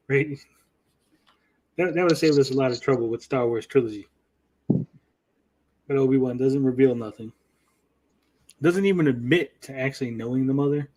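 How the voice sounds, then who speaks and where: A man's voice: medium pitch, normal speed, long pauses, darkish tone, low-quality recording. A man co-hosting a casual review chat, blunt and profane, often mimicking characters. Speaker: podcast co-host.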